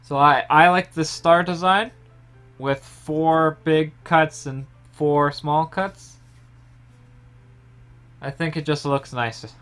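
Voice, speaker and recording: A young man in his home kitchen, calmly explaining each step of a pie recipe in a casual tutorial. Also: a little high, slow pace, long pauses, clean tone, soft background music. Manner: relaxed step-by-step explaining, trailing off softly. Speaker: home baker.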